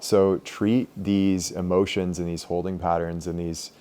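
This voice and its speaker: Low, mellow young man teaching meditation. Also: measured pace. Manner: relaxed, loose, many "like" fillers. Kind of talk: casual group teaching.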